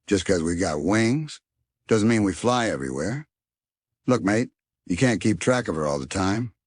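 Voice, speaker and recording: A man's voice: lowish voice, expressive, moderate pace, husky, no room sound, studio quality. A man doing a drawling Antipodean bird. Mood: laid-back. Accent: Australian or New Zealand. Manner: blunt drawl. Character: laid-back male bird.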